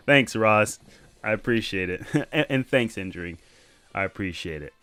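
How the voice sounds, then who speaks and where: A man's voice: fairly low pitch, animated, unhurried, a bit bright, no room sound, faint music behind. A man casually chatting on a live stream while reading and analysing comics, laughing often.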